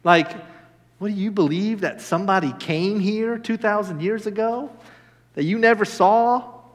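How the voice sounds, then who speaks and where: A young man preaches an animated, enthusiastic sermon, checking in with the congregation as he goes. His voice sits high for a man. Long reverb from the church hall trails each phrase. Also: measured pace. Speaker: minister. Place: church sanctuary.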